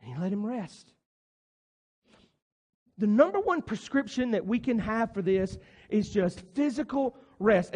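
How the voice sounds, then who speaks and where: Male preacher, high and animated voice, earnest and chatty, church hall reverb. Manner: earnest, conversational, emphatic. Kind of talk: sermon. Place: church sanctuary.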